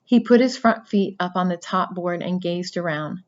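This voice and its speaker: A woman reading a children's novel aloud with steady storytelling narration. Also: lowish voice, moderate pace, lo-fi sound. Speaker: reader.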